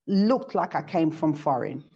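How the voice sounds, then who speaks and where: A woman's voice: low-pitched, animated, a little slow, mellow, breathy edge. A woman from the United Kingdom, a guest sharing reflective stories in casual chat. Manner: reflective, storytelling. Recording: dull lo-fi audio.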